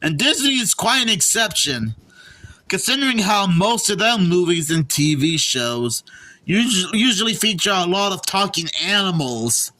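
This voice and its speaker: High, bright-voiced male movie reviewer. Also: very animated. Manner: halting, often repeats and restarts words. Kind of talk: casual spoken movie review.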